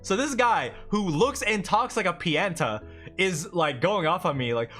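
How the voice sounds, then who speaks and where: A man's voice: high-pitched, lively intonation, unhurried, fairly bright tone, faint music behind. A young man streaming, venting about his job in a rambling, exasperated way with lots of fillers. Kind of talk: casual live-stream venting.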